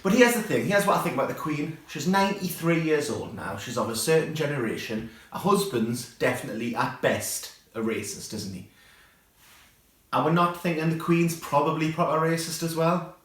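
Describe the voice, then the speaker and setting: A man's voice: on the high side, normal speed, a bit bright. A man doing a stand-up comedy rant, sweary and conversational, as a comedy show presenter. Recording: very echoey room.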